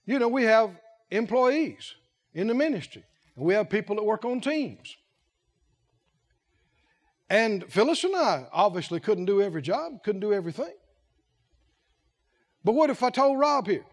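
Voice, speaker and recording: High-voiced, animated male preacher. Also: unhurried, long pauses. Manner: emphatic, repetitive, asks the congregation questions, acts out quotes. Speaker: pastor, head of a ministry. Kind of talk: sermon.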